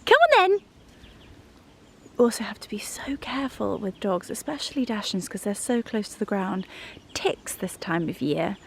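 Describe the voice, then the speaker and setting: A British woman giving a casual garden tour as a vlogger, gushing and often dropping to a soft whisper, outdoors. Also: medium pitch, normal speed, vocal fry, a little hiss or hum. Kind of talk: casual vlog narration.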